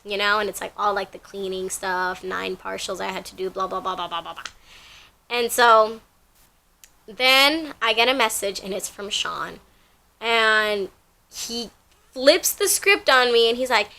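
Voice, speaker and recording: A woman's voice: mid-range voice, unhurried, creaky, bright, forceful tone. A young woman telling a rambling, casual story from her job, full of fillers and repeats.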